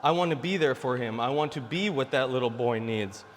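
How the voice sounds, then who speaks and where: A man's voice: medium pitch, brisk, slight background noise. Blunt man in his forties, reverberant. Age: 40s. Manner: blunt, preachy, addresses viewers as guys. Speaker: dating advice vlogger. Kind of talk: casual direct-to-camera monologue.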